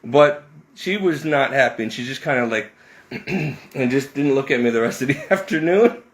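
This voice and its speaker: A man's voice: medium pitch, expressive, moderate pace. A man vlogging a casual story from inside a house, rambling and interrupting himself, laughing often.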